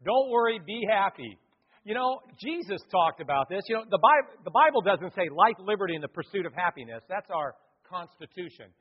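A man preaching a conversational, animated sermon as a pastor in a church. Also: sits high, brisk, few pauses, breathy edge. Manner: conversational, animated, acts out quotes and sings. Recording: echoey hall, thin phone-like sound.

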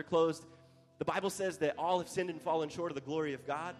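A male pastor preaching a sermon with passion, growing louder at the climaxes. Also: on the high side, fairly even intonation, a little fast, a faint crowd. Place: church hall. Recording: live church hall with long reverb and soft music.

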